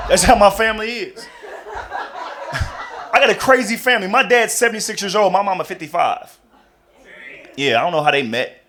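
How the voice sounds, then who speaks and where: A man's voice: high voice, brisk, long pauses, a crowd in the background. A young man doing a stand-up routine in a chatty, rambling way with many asides, speaking on a comedy stage into a handheld mic.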